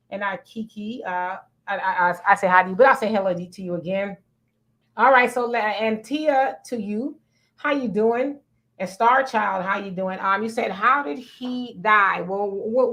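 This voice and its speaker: A woman's voice: medium pitch, a bit bright. A woman co-hosting a live online talk show, greeting viewers by name and chatting with many fillers. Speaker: livestream co-host. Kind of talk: casual livestream chat, reading comments.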